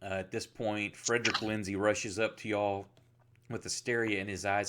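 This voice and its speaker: A man narrating as game master, casual and halting, with many restarts. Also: on the low side, flat delivery, noisy background.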